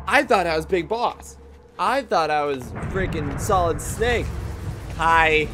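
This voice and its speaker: An excitable man rambles through let's play commentary, his voice pitched high and swinging wildly. He jokes and talks back at the screen. Game music runs clearly underneath. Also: slow. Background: game music and sounds.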